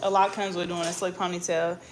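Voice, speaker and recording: A woman's voice: on the low side, level tone, brisk. Slangy woman, noisy room. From Bay Area, California. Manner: loose, slangy and joking, with bursts of loud scolding. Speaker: vlogger. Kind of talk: casual chat.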